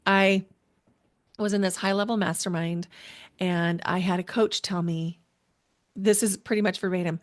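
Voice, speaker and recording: A woman hosting a solo podcast, speaking earnestly and deliberately with pauses, in a spiritual, emotional tone. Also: fairly low pitch, steady tone. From United States. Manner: spiritual, guiding a grounding exercise. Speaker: podcast host.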